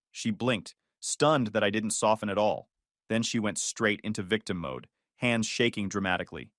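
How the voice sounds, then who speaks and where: A man narrating a first-person story in a calm, measured, matter-of-fact way. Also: lowish voice, no room sound, clean studio sound.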